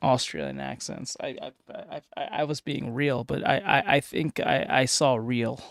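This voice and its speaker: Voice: mid-range voice, sing-song, normal speed, creaky, no echo, clean studio sound. A reaction streamer talking casually to chat, blunt and full of swearing. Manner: blunt, swearing, frequent loud laughs.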